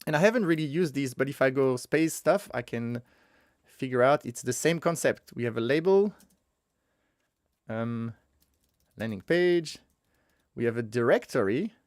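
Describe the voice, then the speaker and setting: A man's voice: a little high, animated, measured pace, pauses often, no room sound, clean studio sound. A man teaching a casual coding walkthrough, thinking aloud as he works, correcting himself and chuckling at his own mistakes. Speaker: web developer teaching a coding tutorial.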